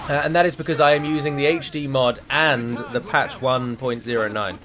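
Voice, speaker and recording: A man's voice: mid-range voice, steady tone, brisk, a crowd in the background. A man with an English accent giving casual let's-play commentary on a strategy game, chatty and prone to rambling asides. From England. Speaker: gaming YouTuber.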